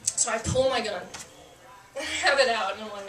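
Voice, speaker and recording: Woman, police officer, storytelling, higher voice, chatty, echoey hall from afar. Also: fast, a bit bright, distant mic. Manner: chatty, self-mocking, frequent laughter and fillers. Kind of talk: storytelling to a live audience.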